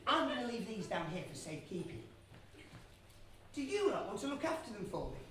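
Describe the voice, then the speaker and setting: A woman playing a silly young man in a stage pantomime, chummy and playful as she gets the audience shouting. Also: medium pitch, big pitch swings, brisk. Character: Bree, a silly, cheese-loving young man. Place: theatre stage. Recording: echoey theatre from far off, noisy.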